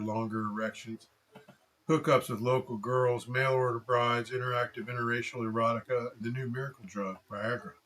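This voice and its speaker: Man narrating a story, steady and dry. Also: mid-range voice, a little hiss or hum, rough recording. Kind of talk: scripted narration.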